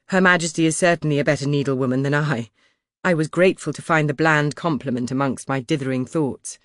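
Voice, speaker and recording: A man reading a first-person historical audiobook in a measured, expressive storytelling manner, close to the microphone. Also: a little high, no echo. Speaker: audiobook narrator. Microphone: close studio mic.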